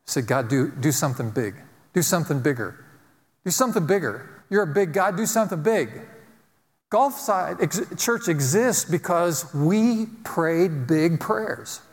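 Male pastor, fairly high voice, emphatic sermon with repeated refrains, long hall reverb. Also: expressive, measured pace. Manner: emphatic preaching with repeated phrases, ending in a quieter prayer.

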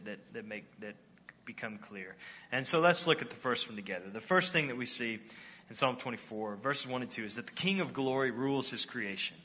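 A man's voice: mid-range voice, bright, forceful tone, long reverb tail, highs cut off. A male pastor preaching a sermon in a conversational way, rising with emphasis on key phrases and often restarting his sentences.

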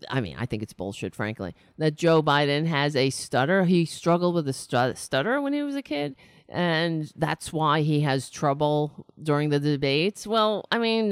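A middle-aged woman talks straight to her viewers in a slightly raspy voice, rambling and candid, full of restarts and wry asides. She is recorded on a close mic in a dry room with no echo. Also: low voice. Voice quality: raspy, nasal-edged voice she calls a rake on a chalkboard. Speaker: political talk show host. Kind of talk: casual live-stream monologue.

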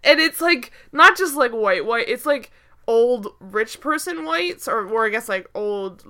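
A young woman co-hosting a podcast, recapping a TV episode in casual chat, animated and exasperated, laughing often with lots of fillers. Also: fairly high pitch, unhurried. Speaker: podcast co-host.

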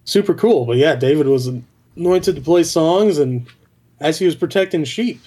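A man co-hosting a casual faith podcast, speaking slowly and reflectively, often trailing off quietly. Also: fairly high pitch, expressive. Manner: slow, reflective, trailing off softly. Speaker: podcast co-host.

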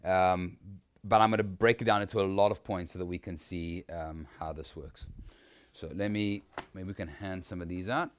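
Low-voiced man teaching preachers. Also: steady tone, normal speed, slight background noise. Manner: conversational, with frequent restarts and rhetorical questions. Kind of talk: informal teaching talk.

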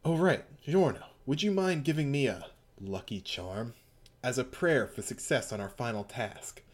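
A man voicing a calm, determined young gang leader who speaks low, quiet and earnest. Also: normal speed, close to an everyday voice. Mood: resolute.

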